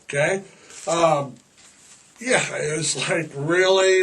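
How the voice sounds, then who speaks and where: A man's voice: sits high, lively intonation, fairly bright tone, distant mic. Sarcastic older man rambling on a podcast. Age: 60s. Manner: sarcastic, jokey, drawn-out emphasis. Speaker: podcast host. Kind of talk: rambling casual monologue.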